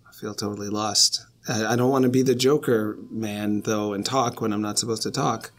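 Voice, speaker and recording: A man's voice: lowish voice, fairly even intonation, normal speed. A man in his thirties, a podcast guest talking over a remote call, rambling and self-deprecating with frequent laughs. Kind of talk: casual podcast chat.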